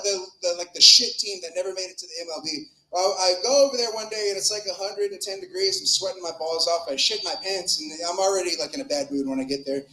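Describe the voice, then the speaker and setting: A man's voice: sits high, pushed and bright. A man doing a crude, rambling, profane open-mic stand-up set on a club stage. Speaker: stand-up comic. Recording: echoey club room.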